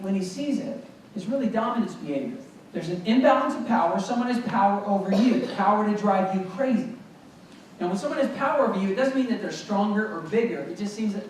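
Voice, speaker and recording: A motivational speaker in a school assembly, talking energetically and prompting the children to repeat words back to him. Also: male voice, high voice, far from the mic. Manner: energetic, call-and-response with children. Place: school gym or hall. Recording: echoey hall recorded from afar, noisy. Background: children in audience.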